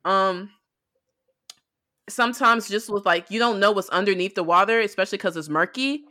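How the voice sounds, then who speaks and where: A woman's voice: medium pitch, moderate pace, pushed and bright. A young adult woman co-hosting a casual podcast chat, talking earnestly with many trailing fillers. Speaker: podcast co-host.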